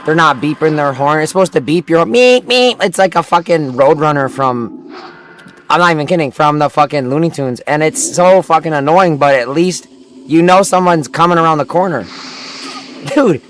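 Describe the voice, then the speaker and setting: A man's voice: on the high side, normal speed, a bit bright, a little hiss or hum. A young man livestreaming a game while telling a rambling, profane story full of filler words.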